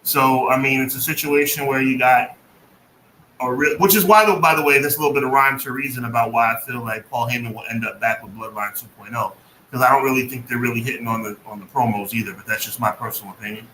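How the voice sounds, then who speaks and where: Bright-voiced man in an echoey room. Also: mid-range voice, fairly even intonation, fast. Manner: emphatic, opinionated, sarcastic asides. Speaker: podcast co-host. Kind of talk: casual wrestling podcast chat. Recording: echoey room with faint noise.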